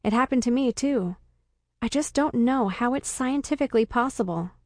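A woman narrating a first-person comic story with a dry, deadpan delivery. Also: fairly high pitch, normal speed, no room sound. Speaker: audiobook narrator.

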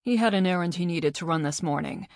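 Female narrator, lowish voice, dry booth sound, animated dialogue. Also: quick pace, creaky, no room sound. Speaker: audiobook narrator. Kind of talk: first-person scripted narration.

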